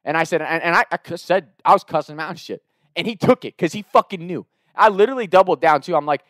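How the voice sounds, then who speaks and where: A young man tells a personal story in a loose, profane, animated way, acting out each quote. His voice sits fairly high. The sound is dry and close. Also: quick pace, no echo. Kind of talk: casual personal anecdote.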